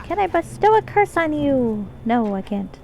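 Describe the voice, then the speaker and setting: A woman's voice: high-pitched, sing-song, normal speed, vocal fry, slight background noise. A woman streamer chatting casually and coaxing her cat during a live game stream. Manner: soft, coaxing talk to a pet.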